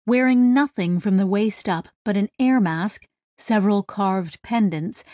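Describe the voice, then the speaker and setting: Woman, audiobook narration, slow and measured, dry close sound. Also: medium pitch, a little mellow, no echo. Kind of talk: scripted narration.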